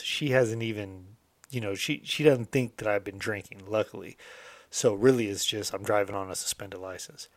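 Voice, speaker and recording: Streetwise American man, middle-aged, low voice, candid storyteller, dry close sound. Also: steady tone, moderate pace, dry recording. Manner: candid, streetwise, swears freely. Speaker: motivational host telling his past. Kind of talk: casual storytelling monologue.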